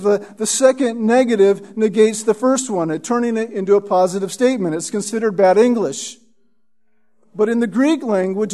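A man's voice: very high voice, dark tone. A man preaching an expository sermon, emphatic, often asking "Right?" of his listeners and sometimes stumbling over words.

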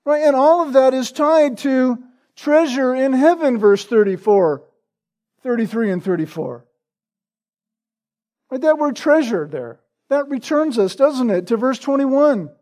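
Man, pastor, expository sermon, high voice, unhurried delivery, earnest, rhetorical "right?" tags. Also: lively intonation, darkish tone. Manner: earnest, rhetorical, frequent "right?" tag questions; slow and deliberate with emphatic repetition.

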